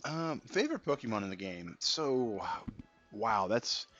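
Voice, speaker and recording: A man's voice: on the low side, big pitch swings, unhurried, fairly bright tone. A man streaming a game, chatting casually and reading out viewer comments. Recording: dull lo-fi stream audio with faint music.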